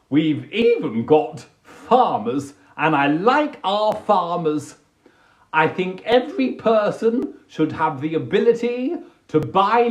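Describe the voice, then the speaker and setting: Brief: livestream host, theatrical and chatty, lively and unhurried, slightly high voice. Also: male voice. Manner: animated, theatrical storytelling with put-on voices. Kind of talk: casual livestream chat. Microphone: phone livestream.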